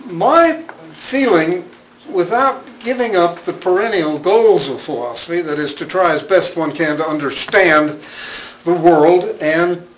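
An older man gives a philosophy talk in a lecture room, his voice sitting a little high for a man. He rambles wryly and pokes fun at himself, and faint room ambience hums behind him. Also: a little hiss or hum, low-quality recording. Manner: wry, rambling, self-deprecating. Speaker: guest speaker, philosophy professor. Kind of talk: public lecture.

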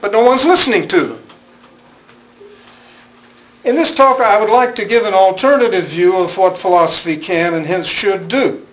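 A man's voice: sits high, animated, normal speed, pauses often, a bit bright, poor audio. An older man giving a public philosophy lecture, wry and rambling, with a self-deprecating manner. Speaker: guest speaker, philosophy professor. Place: lecture room with audience.

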